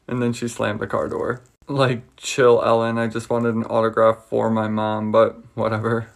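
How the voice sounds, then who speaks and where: A man hosting the video and telling a short story in a deadpan way. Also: mid-range voice, normal speed, gravelly. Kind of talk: casual storytelling.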